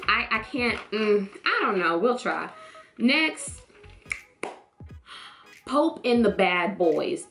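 A woman chatting casually in a vlog, reacting to a TV show with animated, slangy talk. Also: mid-range voice. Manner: animated, expressive, jumps into voices of characters.

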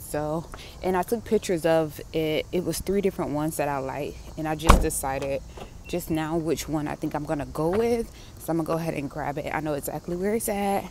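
A young woman with a smooth, sleepy-sounding voice, chatting casually to viewers as a vlogger while running errands. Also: low-pitched, slight background noise. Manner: chatty, addresses viewers as y'all and girl. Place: in a car and stores.

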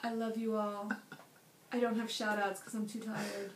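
A woman's voice: mid-range voice, flat delivery, normal speed, slight background noise. A tired woman chatting casually to her viewers in a rambling, self-deprecating way. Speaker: vlogger. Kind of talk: casual chat. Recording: roomy echo.

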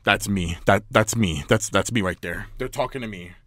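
A man giving jittery let's play commentary on a horror game, shaken and easily spooked, yelling in fright and murmuring nervously between scares. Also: on the low side, normal speed, no echo. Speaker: gaming YouTuber.

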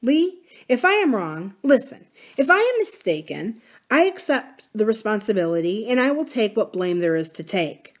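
A woman's voice: on the high side, very animated, normal speed. Old rancher, earnest and grave, read by a woman. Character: wise old male Irish-born rancher, gentle.

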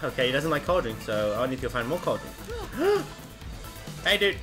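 A man commentating a game he is playing, excitable and often laughing while he talks to the characters on screen. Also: mid-range voice, brisk, music in the background. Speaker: gameplay commentator. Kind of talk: let's play commentary.

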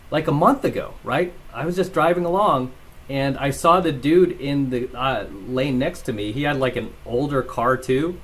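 A man hosting his own vlog. He rambles through casual commentary and stories, laughs as he talks, and keeps asking "right?". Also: mid-range voice. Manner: rambling, tags lines with "right?"; laughs while telling stories. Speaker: channel host.

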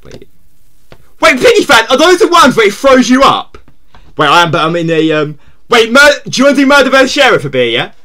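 A man live-streaming a game, chatting to his viewers and ending nearly every phrase with "yeah?", and shouting when something surprises him. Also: extremely high pitch, big pitch swings, a little fast, a little hiss or hum. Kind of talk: casual live gaming stream chat.

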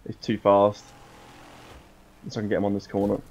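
A man's voice: fairly low pitch, monotone, moderate pace, a little mellow, dull audio. A man playing a racing game with a friend, laughing and joking about his own crashes. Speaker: co-player. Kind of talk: casual gameplay banter.

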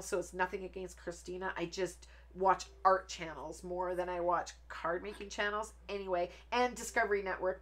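A woman talks her viewers through a card making live stream. She rambles from topic to topic in a loose, chatty way and breaks into laughter often. Her voice sits at an ordinary middle pitch for a woman. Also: a bit bright. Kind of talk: casual live stream chat while crafting.

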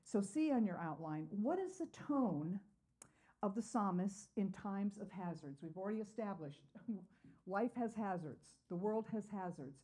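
Woman, Bible study teacher, mellow warm tone, earnest, asks and answers her own questions. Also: mid-range voice, lively intonation, a little slow, husky. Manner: asks the class rhetorical questions and answers them; earnest, with frequent "uh" fillers.

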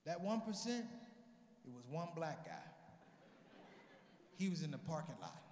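Male stand-up comic, high-pitched, plays every voice in his stories; live hall sound, roomy echo. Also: unhurried, a little hiss or hum. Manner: animated storyteller, acts out both sides of dialogue. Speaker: stand-up comedian. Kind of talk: stand-up comedy storytelling. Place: large convention hall, live audience. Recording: echoey hall with long reverb.

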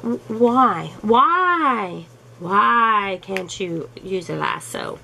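A woman's voice: mid-range voice, lively intonation, drawn-out words, creaky, sharp tone, rough recording. A middle-aged woman chatting casually to her viewers as a crafting vlogger, amused and full of rhetorical questions. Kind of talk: casual chat.

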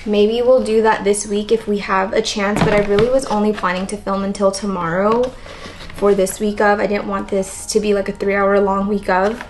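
A woman with a raspy, tired voice and constant vocal fry, chatting casually in a plant vlog. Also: mid-range voice, little pitch movement, normal speed, noisy background. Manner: chatty, rambling, lots of "like". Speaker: plant vlogger. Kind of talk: casual chat while potting plants.

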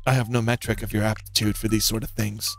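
A man's voice: lowish voice, flat delivery, fast talker, vocal fry, faint music behind. A man voicing a distracted male researcher while reading game dialogue aloud, in a dry, offhand manner.

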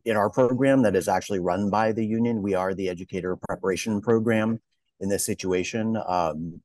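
A man speaking as a webinar panelist in a measured way, pausing on "um". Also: on the low side, a little mellow, no room sound. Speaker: webinar panelist, union program representative. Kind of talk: conversational panel remarks.

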